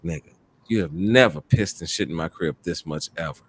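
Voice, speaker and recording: Deep-voiced man telling a rowdy story. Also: brisk, slight background noise. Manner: profane, animated storytelling. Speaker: host. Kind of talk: casual chat.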